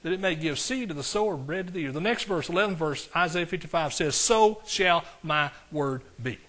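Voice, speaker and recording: Male pastor, sermon delivery, slightly high voice, dynamic and conversational with the crowd. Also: fast. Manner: animated, swings from loud preaching to quiet asides; talks directly to the congregation, asks questions.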